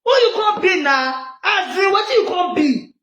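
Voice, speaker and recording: A woman with a Nigerian accent, ranting loudly and mockingly in a gossip vlog, often shouting and laughing. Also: very high voice, expressive, moderate pace, echoey room. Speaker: gossip vlogger. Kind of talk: animated gossip rant in pidgin.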